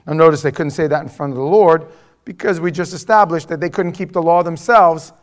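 High-voiced, animated male preacher. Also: fairly quick. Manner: animated preaching, swinging from hushed asides to near-shouting mimicry. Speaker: pastor. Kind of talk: expository sermon.

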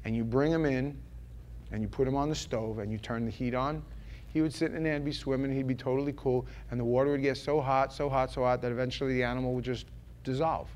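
A man from New York preaching a sermon, animated and joking, acting out little voices as he tells his stories. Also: mid-range voice, fast, slight background noise. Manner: animated, acts out voices and jokes.

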